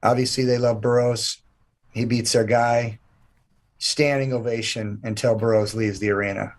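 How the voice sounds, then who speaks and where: Guesting as an event promoter in a casual interview chat, a man speaks with enthusiasm in long, run-on sentences. His medium-pitched voice shows little pitch movement and keeps a moderate pace.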